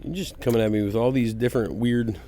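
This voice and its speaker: A man's voice: medium pitch, fairly even intonation, quick pace, warm tone, a little hiss or hum. A man co-hosting a podcast, laid-back and profane, joking in casual banter. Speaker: podcast co-host. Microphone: studio podcast mic.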